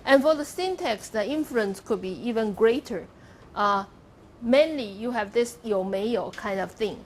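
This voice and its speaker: A woman's voice: on the high side, animated, moderate pace, a little hiss or hum. A woman giving a university lecture to a class of students, explaining step by step and modelling pronunciations aloud as she goes. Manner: explains step by step, demonstrating pronunciations and asking "okay?".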